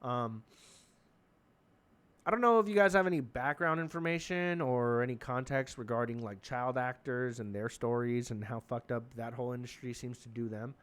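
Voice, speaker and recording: A young man hosting a comedy podcast, rambling through an excitable, profane monologue. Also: mid-range voice, moderate pace, clear, resonant tone.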